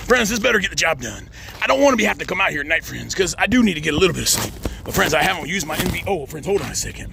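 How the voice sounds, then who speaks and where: A man's voice: on the high side, very animated, rapid-fire, vocal fry, pushed and bright, a little hiss or hum. A man vlogging outdoors at a cemetery in a folksy way, working "friends" into nearly every sentence. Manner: folksy, says "friends" constantly. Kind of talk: outdoor character vlog.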